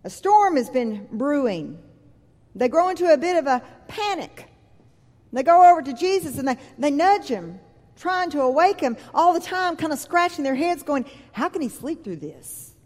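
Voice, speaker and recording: A woman preacher delivers a sermon in a church, her fairly high voice rising and falling with lively inflection. She takes her time, retelling scripture in a vivid, conversational way. The sound carries the long reverb of a large hall. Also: normal speed.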